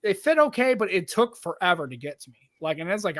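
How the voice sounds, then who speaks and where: A man's voice: high-pitched, sing-song, fast talker, a bit bright, no echo. A middle-aged man hosting a podcast in casual chat, a rambling storyteller who acts out what other people said. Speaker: podcast host.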